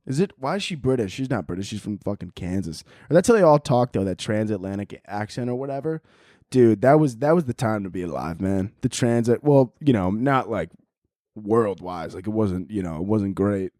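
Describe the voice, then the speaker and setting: A man's voice: lowish voice, lively intonation, moderate pace, mellow, no room sound, studio quality. Profane, rambling young man podcasting. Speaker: podcast host. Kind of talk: casual rambling chat.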